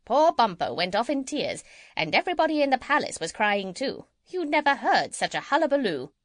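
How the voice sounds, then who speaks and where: A woman's voice: on the high side, brisk, dry recording, clean studio sound. A woman reading an audiobook and voicing a chatty, gossipy female parrot. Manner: lively, chattering storytelling. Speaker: audiobook reader. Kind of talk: children's audiobook character reading.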